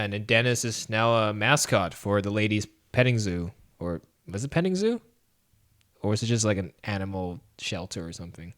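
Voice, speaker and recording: A man co-hosting a podcast, casually reviewing a film, retelling scenes with lively acted-out lines and frequent laughs. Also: fairly low pitch. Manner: animated retelling, acting out lines, laughs often. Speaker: podcast co-host. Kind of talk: casual movie review chat.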